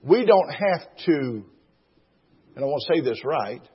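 A man's voice: fairly high pitch, sing-song, a little slow, slightly rough. A man preaching a sermon, reading scripture aloud and rising to fervent exclamations. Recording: dull, roomy hall sound.

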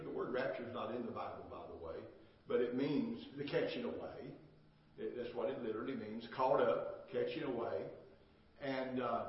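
An older man preaching a sermon as pastor, emphatic and repetitive, asking "amen?" as he goes. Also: medium pitch. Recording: echoey, distant, dull church recording.

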